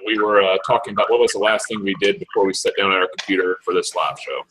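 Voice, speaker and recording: A man's voice: deep voice, fairly even intonation, fast talker, noisy background. A laid-back man hosting a casual live-stream chat over a video call, moving the talk along. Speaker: host running the round. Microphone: computer mic on a video call.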